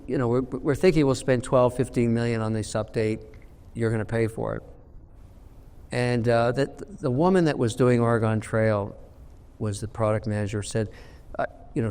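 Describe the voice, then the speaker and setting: A man in his sixties tells business anecdotes bluntly and emphatically, in an interview setting. His voice sits at an ordinary male pitch, and the room gives it a long, lingering reverb. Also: normal speed, darkish tone. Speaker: investor guest. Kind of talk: storytelling interview answer.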